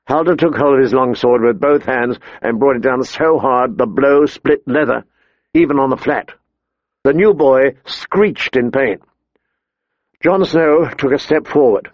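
A man reading an audiobook in a measured, steady storytelling manner. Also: mid-range voice, dry recording, highs cut off. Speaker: narrator. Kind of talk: audiobook narration.

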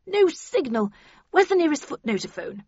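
A woman voicing a stern old woman agent who speaks briskly and grimly. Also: high voice, big pitch swings, mellow, no room sound, dull audio, voice pushed up. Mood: urgent. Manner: brisk and grim.

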